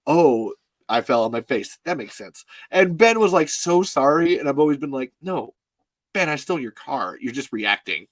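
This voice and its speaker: A man in his thirties hosts a live stream and tells a long story in a loose, rambling way, full of "like" and easy swearing. He breaks into laughter often. His voice sits at an ordinary middle pitch and sounds dry and close, with no room echo. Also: big pitch swings, moderate pace. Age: 30s. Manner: rambling and laughing, heavy use of "like", swears freely. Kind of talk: casual storytelling to a live chat.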